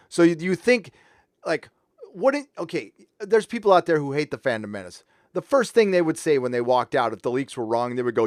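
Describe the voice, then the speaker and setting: A middle-aged man from Southern California runs a casual livestream and vents angrily, swearing freely and tripping over restarts. His voice sits a little high for a man. The sound is dry and close to the mic. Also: big pitch swings, brisk, no echo. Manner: angry, profane, rambling with restarts. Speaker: livestream host reading super chats. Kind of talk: casual profane livestream rant.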